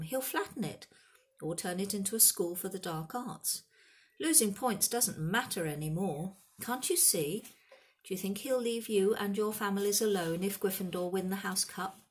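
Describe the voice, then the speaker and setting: A woman's voice: medium pitch, pitched above the performer's own voice, natural voice. A bold young boy talks with urgent intensity, as a woman reader puts him on. The voice sits well above the reader's own, in an audiobook reading. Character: bold eleven-year-old boy wizard.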